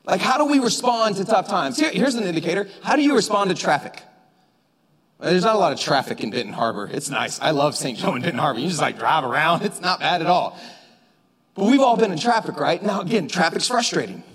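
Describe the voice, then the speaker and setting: A man preaching a sermon in a church, talking conversationally and rising to shouts for emphasis. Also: high voice, big pitch swings, brisk, slightly rough. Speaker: pastor. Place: church sanctuary. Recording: long reverb of a church hall.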